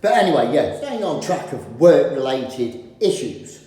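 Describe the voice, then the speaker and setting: A man's voice: medium pitch, sing-song, unhurried, dark tone, recorded from a distance. A British man, a decorator vlogger, telling a rambling, wry story in casual chat. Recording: very echoey room with long reverb.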